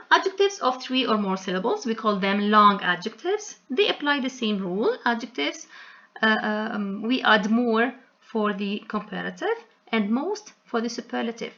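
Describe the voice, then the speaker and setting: A woman teaching an English grammar lesson in a slow, explanatory way, spelling out word endings letter by letter. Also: a little high, expressive, a bit bright, dull audio.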